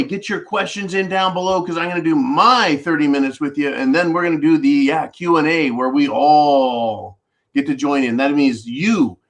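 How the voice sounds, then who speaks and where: A man hosting a preparedness channel's live stream, giving animated, ranting, profane commentary. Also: fairly high pitch.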